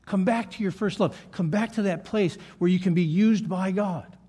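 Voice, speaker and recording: A man's voice: high voice, moderate pace, mellow, husky. An older man preaching a sermon to his church, earnest and repeating key phrases for emphasis. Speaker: pastor. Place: church meeting room.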